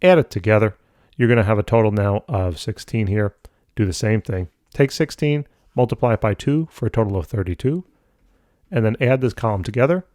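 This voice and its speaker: A man's voice: fairly low pitch, fairly quick, a little mellow, dry recording. Casual man explaining math, dry sound. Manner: casual, upbeat explaining with playful asides. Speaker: math tutor. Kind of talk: step-by-step math lesson.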